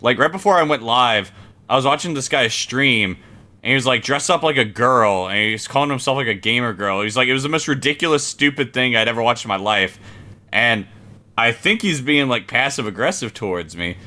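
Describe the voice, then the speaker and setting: A young man with a bright, forward voice, chatting casually on a podcast. He rambles through stories at his own expense, loose and self-mocking. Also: medium pitch, lively intonation, fairly quick. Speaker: podcast co-host. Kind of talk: casual chat, storytelling.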